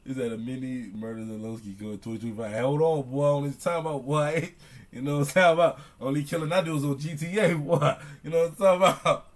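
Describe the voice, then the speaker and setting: Young man, higher-pitched voice, streamer reaction, excitable, slangy, repetitive. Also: fast. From Chicago. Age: young adult. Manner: loud, excitable, slangy, repeats himself. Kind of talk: casual reaction commentary.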